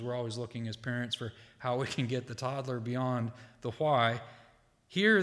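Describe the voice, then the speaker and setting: A man preaching a sermon from a church pulpit, measured and deliberate, with emphatic quoted lines and casual asides to the congregation. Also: a little high, fairly bright tone. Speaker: pastor. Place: church sanctuary. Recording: long hall reverb.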